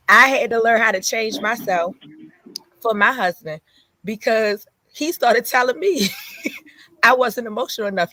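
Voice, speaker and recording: A woman's voice: on the high side, unhurried, bright, forceful tone, no room sound. Blunt woman in her thirties, dry sound. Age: 30s. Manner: blunt, laughs between lines. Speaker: podcast guest. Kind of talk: casual chat.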